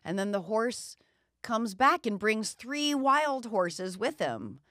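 A middle-aged woman hosts a podcast and tells a story in a relaxed, wandering way. She trips over words and fills gaps with "um" and "like". The sound is close and dry, with no room around it. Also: a little high, takes it slowly, dry recording. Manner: loose, rambling telling with filler words. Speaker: podcast host. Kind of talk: casual storytelling.

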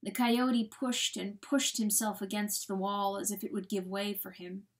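Slow, solemn woman storyteller. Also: mid-range voice, little pitch movement. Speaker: audiobook narrator. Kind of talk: dramatic audiobook reading.

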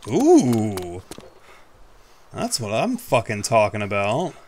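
A man's voice: on the low side, measured pace, a bit bright, slight background noise. A man giving casual, rambling commentary over his own gameplay, self-mocking and casually swearing. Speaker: gaming YouTuber.

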